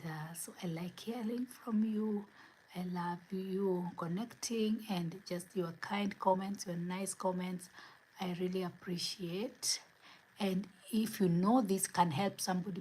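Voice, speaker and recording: A woman giving an earnest spiritual motivational talk as host, asking repeated rhetorical questions, her words often trailing into soft breathy whispers. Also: lowish voice, measured pace, slight background noise, poor audio.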